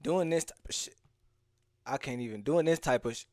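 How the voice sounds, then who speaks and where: A streamer reacts to a video for his viewers, speaking to them directly in loose, slang-filled commentary and often restarting his sentences. His voice is medium-pitched, fairly quick, and a little mellow, captured in a clean, dry studio recording.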